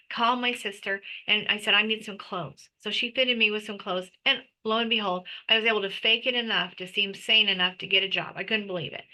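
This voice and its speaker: A woman's voice: mid-range voice, steady tone, brisk, few pauses, pushed and bright, rough recording. A middle-aged woman giving an emotional personal testimony as an interview guest, talking intensely with frequent restarts and stammers.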